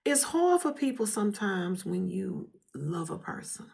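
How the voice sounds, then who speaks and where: Gravelly woman giving a fervent testimony. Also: mid-range voice, sing-song, a little slow. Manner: fervent, preacher-like, drops into hushed whispers; fighting back tears. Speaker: vlogger sharing a testimony. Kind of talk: emotional spoken testimony.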